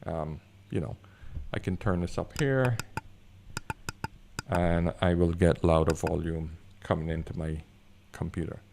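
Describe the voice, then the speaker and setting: A man with a deep bass voice reviewing gear in easygoing casual chat, recorded on a desk condenser mic in a room with high concrete ceilings. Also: unhurried, gravelly, long pauses, a little hiss or hum. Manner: easygoing, excitable, talks with fillers. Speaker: product reviewer. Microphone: desk condenser microphone.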